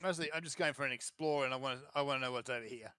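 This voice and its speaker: A man's voice: mid-range voice, very fast, sharp tone, clean tone, no echo. A man, chatting casually as a podcast co-host, easygoing and plainspoken. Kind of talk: casual chat.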